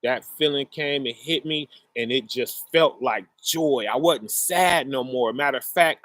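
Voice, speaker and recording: A middle-aged man telling a personal story in a casual, earnest way, often checking in with the listener, his pace swinging between rushed and slow. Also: a little high, a bit bright, dry recording. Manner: conversational, often checks in with "right?" and "you know".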